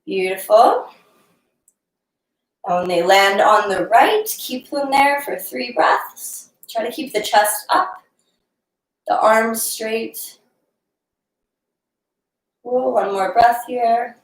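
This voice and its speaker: A woman's voice: on the high side, slow pace, pauses often, roomy sound, low-quality recording. Woman coaching a yoga class, slightly breathless. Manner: casual, encouraging, laughs often, slightly out of breath while moving. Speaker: yoga instructor. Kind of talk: live-streamed yoga class instruction.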